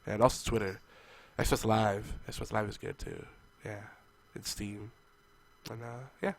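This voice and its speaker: A man's voice: fairly low pitch, level tone, measured pace, vocal fry. A man hosting a casual gaming podcast, rambling and joking loosely while audibly congested. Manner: rambling, jokey, loose delivery. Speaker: podcast host. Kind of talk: casual chat. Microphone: monitored podcast mic.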